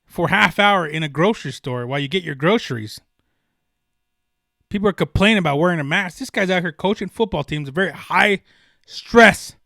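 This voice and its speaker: A young man riffs through a solo sports podcast, his voice bright and a touch high. He talks with fervent emphasis, circling back and restarting his thoughts. The sound is dry and close. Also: no room sound. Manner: passionate, emphatic, rambling with restarts. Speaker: podcast host.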